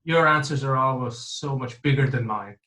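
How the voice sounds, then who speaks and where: An Irish man hosts his podcast in a jovial, chatty way, poking fun at himself as he goes. His voice is bright and forward, pitched in the middle. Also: normal speed. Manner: jovial, chatty, self-deprecating. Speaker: podcast host. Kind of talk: casual podcast chat.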